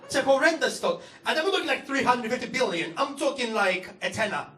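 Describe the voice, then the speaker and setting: A man's voice: extremely high pitch, sing-song, fast talker, distant mic, noisy background. A young man with a Greek accent doing a profane, sardonic stand-up set on a comedy club stage. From Greece. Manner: sardonic, profane, mock-outraged. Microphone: stage microphone. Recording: roomy club sound from the audience, with crowd laughter. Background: audience ambience and laughter.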